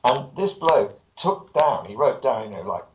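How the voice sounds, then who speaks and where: A man's voice: medium pitch, big pitch swings, a little slow. A British man, a filmmaker guest, answering interview questions as a dry teller of anecdotes. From Britain. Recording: dull lo-fi audio with faint noise.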